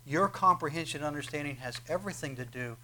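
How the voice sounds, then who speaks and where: A man's voice: a little high, quick pace, bright, forceful tone. A man preaching a sermon, explaining scripture with frequent "uh" fillers and emphatic, rising quotes. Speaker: pastor.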